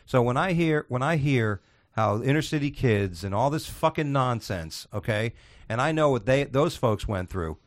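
Guy ranting hard, lots of swearing, keeps restarting, mid pitch. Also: expressive, moderate pace. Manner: ranting, profane, many restarts. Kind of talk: heated casual chat.

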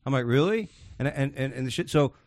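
A man's voice: medium pitch, flat delivery, fast, a little mellow, dry recording, clean studio sound. A man casually telling a rambling, profane story, full of restarts.

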